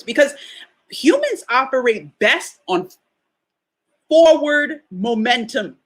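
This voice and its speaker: A woman's voice: a little high, expressive, normal speed, fairly bright tone. A young adult woman hosting a solo motivational podcast, talking in a chatty, emphatic way full of rhetorical questions. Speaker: podcast host.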